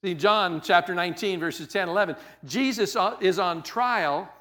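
A man's voice: high voice, normal speed, fairly bright tone. A man preaching a sermon in a conversational style, piling up repetitions and restating his point for emphasis. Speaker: pastor.

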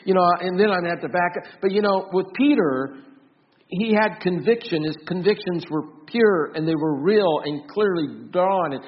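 A pastor preaches a sermon in church, earnest and high-voiced at a moderate pace, captured with lo-fi sound. He often repeats and restarts words, swinging between loud emphasis and soft, quiet storytelling.

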